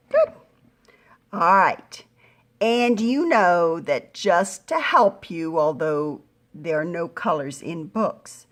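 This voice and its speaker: A middle-aged woman teaching a phonics lesson to young readers, patient and encouraging, sounding words out slowly. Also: fairly low pitch. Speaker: reading teacher.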